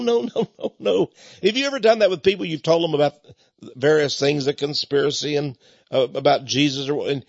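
A man's voice: on the high side, gravelly, no room sound. Chuckling, stammering male preacher. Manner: chuckling storyteller with many stammered restarts. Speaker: author and Christian speaker. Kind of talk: folksy preaching and book pitch. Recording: dull lo-fi recording.

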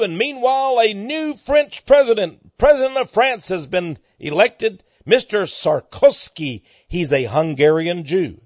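A man hosting a monologue commentary, speaking emphatically and climbing into excited outbursts, on a dull lo-fi recording. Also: on the high side, dry recording. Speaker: commentary host.

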